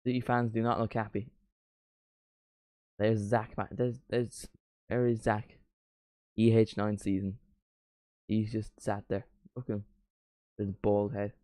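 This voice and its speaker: A man's voice: fairly low pitch, flat delivery, dark tone, dry recording, clean studio sound. Chatty man calling football live. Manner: chatty, rambling, with quick play-by-play calls. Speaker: watchalong streamer. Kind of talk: live football watchalong commentary.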